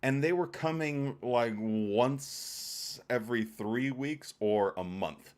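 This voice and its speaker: A man's voice: mid-range voice, slow. A man hosting a casual livestream, greeting viewers in chat by name and chatting in a loose, rambling, joking way. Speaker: livestream host.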